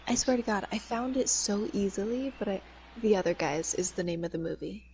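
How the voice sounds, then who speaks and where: A woman's voice: mid-range voice, a little fast, warm tone, slight background noise, poor audio. A woman in her early twenties, chatting bluntly and swearing freely while playing a video game. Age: early 20s.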